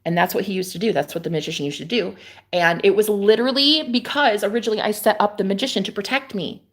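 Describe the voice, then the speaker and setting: Gravelly husky woman livestreaming. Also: mid-range voice, quick pace. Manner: swings between hushed whispers and loud exclamations; chatty, confiding, profane. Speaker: live streamer. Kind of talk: casual rambling monologue.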